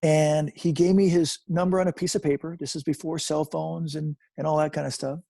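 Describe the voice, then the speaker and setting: A man in his fifties, a guest on a video call, telling his recovery story in an animated way and repeating phrases for emphasis. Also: on the high side, a little fast, vocal fry. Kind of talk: personal storytelling.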